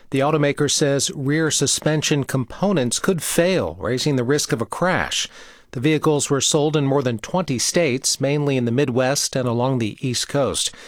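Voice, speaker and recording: A man reading a national news bulletin in a steady, measured way. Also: medium pitch, no room sound, studio quality. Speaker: newscaster. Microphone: studio mic.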